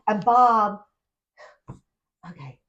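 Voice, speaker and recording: A woman co-hosting a casual podcast chat, telling animated stories with frequent laughs. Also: mid-range voice, extremely slow. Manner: animated storyteller, laughs often. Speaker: podcast co-host. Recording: dull lo-fi sound.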